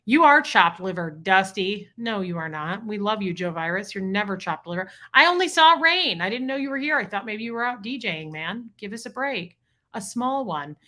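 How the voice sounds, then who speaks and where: A woman hosting a casual livestream, chatting warmly and greeting viewers by name as she reads the chat. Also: medium pitch, animated, normal speed. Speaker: livestream host reading chat.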